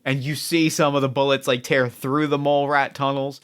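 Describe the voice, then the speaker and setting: A man's voice: mid-range voice, flat delivery, moderate pace, a bit bright, clear, resonant tone. A man narrating as game master of a tabletop game, rambling, with many restarts and fillers.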